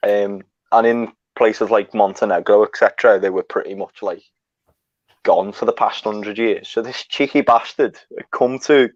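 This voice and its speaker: In a relaxed conversation, a young male guest wanders through a profane travel story, cursing freely and chuckling at himself as he goes. He speaks at a moderate speed in a steady, fairly low voice, captured on a dry and somewhat dull microphone.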